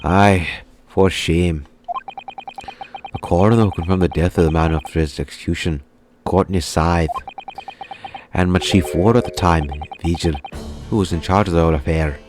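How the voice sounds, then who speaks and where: A man voicing a gruff older prison governor in an attempted Scottish accent, blustering and hearty, reading game dialogue. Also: sits low, steady tone, normal speed, close to an everyday voice. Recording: game music behind voice.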